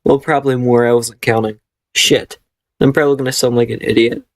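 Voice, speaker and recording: A man's voice: mid-range voice, fairly even intonation, a little fast, no echo. A man reading a fan fiction aloud and mocking it with sarcastic, profane, exasperated asides. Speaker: reader and commentator.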